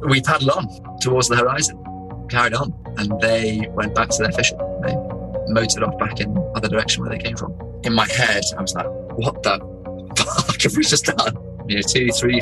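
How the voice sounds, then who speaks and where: A man from England, an explorer, telling an adventure story in a lively, anecdotal way and slipping into other people's voices. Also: lowish voice, low-quality recording. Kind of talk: animated storytelling interview.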